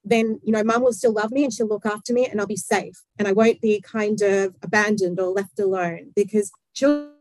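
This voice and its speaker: A woman explaining psychology in conversation, talking fast and acting out little quotes. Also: medium pitch, a little mellow, no room sound, poor audio.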